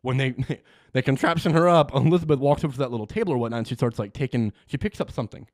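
A man's voice: medium pitch, fast, no echo. A man chatting casually on a podcast, retelling a movie scene by scene with lots of swearing and acted-out reactions. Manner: animated, swears a lot, acts out scenes. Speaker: podcast co-host. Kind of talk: casual movie recap chat.

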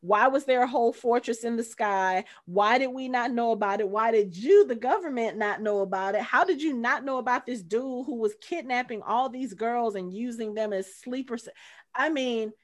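A woman's voice: a little high, normal speed. A woman co-hosting a casual podcast, chatting about a film and acting out quotes from its characters. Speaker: podcast co-host. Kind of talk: casual movie discussion.

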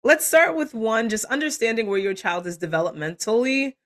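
A woman in her forties, a parenting coach talking as a podcast guest, animated and quick to laugh. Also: on the high side. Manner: animated, laughs often, acts out quoted parents and kids. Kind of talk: casual interview conversation.

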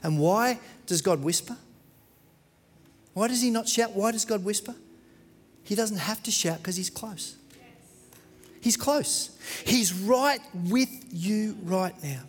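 A man preaching a sermon as pastor, dramatic and moving between loud and hushed. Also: high voice, a little slow, long pauses, long reverb tail, a little hiss or hum.

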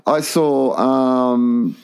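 A man's voice: medium pitch, extremely slow, creaky, clear, resonant tone. A man co-hosting a casual podcast, telling crude stories and laughing often. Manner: animated yarn-spinning, crude, laughs often. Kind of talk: casual chat, storytelling.

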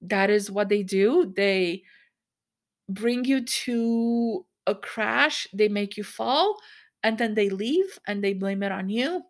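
A woman's voice: mid-range voice, takes it slowly. A woman in her thirties hosting a solo podcast, talking candidly and in a rambling way, often laughing as she speaks. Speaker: podcast host.

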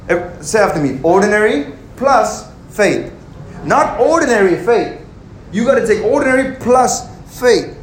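Brief: high-pitched young male pastor, lively and joking, echoey church hall. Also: slight background noise. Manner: animated, conversational, joking. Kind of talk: sermon. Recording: roomy hall with faint ambience.

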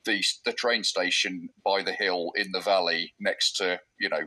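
Deep, bright-voiced chatty man. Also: fairly even intonation, moderate pace, rough recording. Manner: chatty, rambling with restarts. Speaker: author guest. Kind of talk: casual podcast interview.

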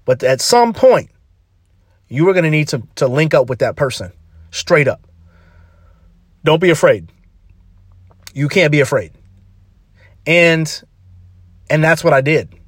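A man's voice: fairly high pitch, expressive, a little slow, long pauses, husky, no room sound. A man hosting a podcast, giving an emphatic, slangy motivational talk full of repeated punchy phrases. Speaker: podcast host.

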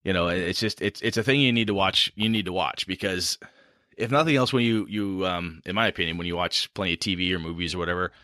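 A man's voice: low voice, fast, sharp tone, no room sound, studio quality. A man with a Midwestern American accent hosting a casual podcast chat about running tabletop games, rambling with restarts. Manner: rambling, restarts, frequent laughs. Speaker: podcast host and game master.

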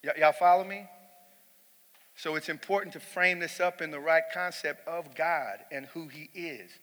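A man's voice: a little high, moderate pace, sharp tone, in a large hall. A middle-aged man preaching a sermon in church, telling a personal story in a conversational way and rising to emphatic peaks.

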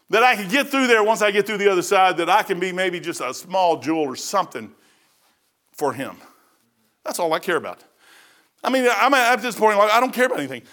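A man preaches, his voice pitched very high and bright. He talks in a folksy, emphatic way and breaks into shouts. The sermon feels loose and conversational. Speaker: pastor.

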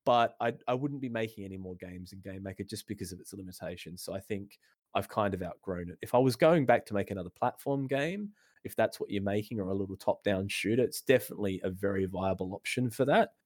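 A man chats about making games in a slightly low voice. He rambles with restarts and self-mocking humour, and the sound is close and dry with no room around it. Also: fast, a little mellow, no echo. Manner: rambling, self-deprecating, frequent restarts and laughs. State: losing his voice. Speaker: indie game developer guest. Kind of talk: casual podcast interview.

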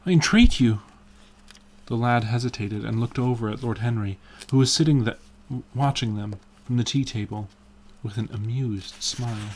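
A man narrating a classic novel as an audiobook, in a measured, even way. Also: medium pitch.

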